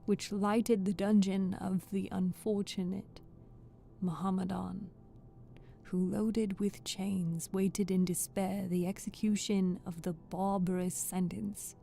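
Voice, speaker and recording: Low-key gravelly woman reading softly. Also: takes it slowly, faint music behind. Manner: steady, careful reading that restarts phrases. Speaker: audiobook reader. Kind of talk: soft-spoken ASMR reading.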